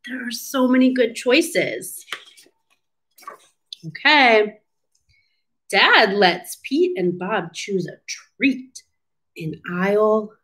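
Woman, storytime reading for kids, very slow and drawn out, lively sing-song pitch, asks the children questions. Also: husky, rough recording. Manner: slow, animated, questioning children and pausing for answers. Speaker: speech therapist reading a storybook. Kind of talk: read-aloud storytime lesson for children.

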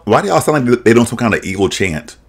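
A man giving casual reaction commentary, animated and exclaiming, mimicking voices as he talks. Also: mid-range voice, fast, crowd noise. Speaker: drag reaction vlogger.

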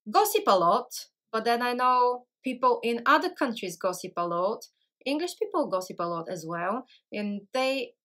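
Bright-voiced woman with Bulgarian accent. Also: mid-range voice. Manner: chatty, searching for words, self-correcting. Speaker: language channel host. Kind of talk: casual talk to camera.

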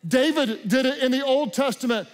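A middle-aged male pastor preaching a sermon with passion, dropping to quiet and rising to shouts. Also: very high voice, normal speed.

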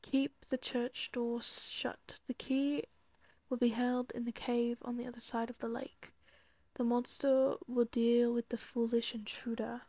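A woman reading out a villain's written orders in a put-on British accent, slow, half-whispered and mock-ominous. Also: on the high side, level tone, darkish tone, no room sound.

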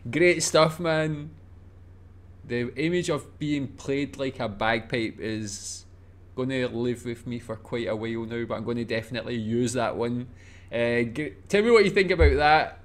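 A Scottish man hosting a reaction video, chatting casually and reacting in an excitable, laughing way. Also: medium pitch. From Scotland.

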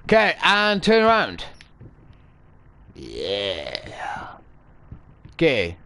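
A man's voice: medium pitch, wildly swooping pitch, very slow, vocal fry, bright, forceful tone. A man commentating a horror game, jumpy and swearing a lot with nervous yelps and laughs. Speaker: gaming video host. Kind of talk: let's play commentary.

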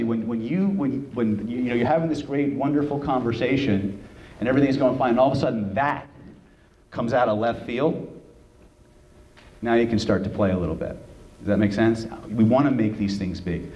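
A man presenting a live seminar to an audience, animated and joking, who keeps checking in with "right?". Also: mid-range voice, normal speed, muffled recording. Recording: roomy room with faint noise.

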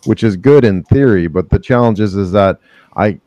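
Man, very deep voice, measured, explanatory, dry muffled call audio. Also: mellow, no echo. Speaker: panel guest. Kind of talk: casual panel chat. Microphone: video call.

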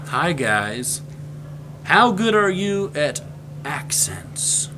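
A man's voice: fairly high pitch, very animated, drawn-out words, a crowd in the background. A young man hosting a scripted comic vlog, talking in a playful, mock-formal way. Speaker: web series character host.

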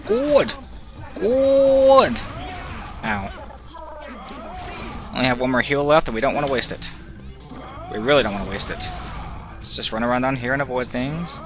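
A man giving casual, excitable commentary while playing a video game, talking to the character on screen and swinging between groans and cheers. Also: mid-range voice. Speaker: let's play commentator. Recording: game music playing loud behind voice. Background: game music.

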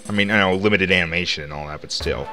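A man's voice: deep voice, fast, music in the background. A man giving casual, rambling commentary while playing a video game. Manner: rambling, chatty, lots of "like" fillers. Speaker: let's play host.

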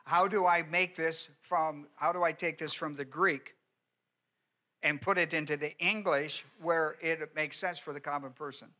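A man preaching a teaching sermon, his voice bright and ringing and set a little higher than most men's. He presses each point by repeating it and keeps asking the congregation questions. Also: steady tone, unhurried. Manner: emphatic teaching, repeats key words, asks the congregation questions. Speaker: pastor. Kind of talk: expository sermon.

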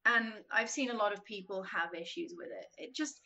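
A woman with a bright, crisp voice chats as a podcast guest. She tells stories in a lively way, acting out the quotes with plenty of "like" along the way. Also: mid-range voice, moderate pace, dull audio. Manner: animated, acts out quotes, frequent "like". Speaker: podcast guest, games writer. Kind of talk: casual chat, storytelling.

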